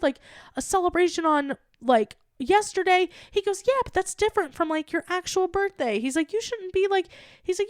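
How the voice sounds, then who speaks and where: High-voiced woman telling a lively story. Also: dry recording, studio quality. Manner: animated, acts out quoted dialogue. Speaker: podcast co-host. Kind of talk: casual storytelling chat.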